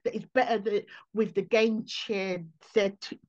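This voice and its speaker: A woman comedian, answering interview questions in an animated way and acting out other people's voices. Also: medium pitch, a little slow, muffled recording.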